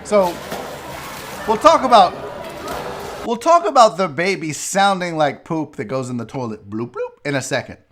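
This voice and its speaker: A man's voice: sits high, very animated, moderate pace, pauses often, a bit bright. A man hosting a casual live-stream show, ranting with profanity while a bit tipsy from drinking. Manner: profane, rambling rants. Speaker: show host.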